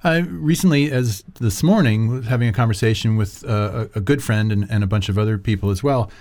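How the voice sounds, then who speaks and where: A man co-hosting a podcast, reflecting on politics with frequent pauses and restarts. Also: on the low side, darkish tone. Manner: reflective, lots of fillers and restarts. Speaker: podcast co-host. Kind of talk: casual political chat.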